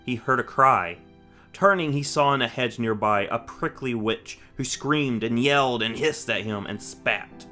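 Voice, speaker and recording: A man reading a rhyming children's book aloud with a rhythmic, expressive delivery. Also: mid-range voice, unhurried, soft background music. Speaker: storyteller.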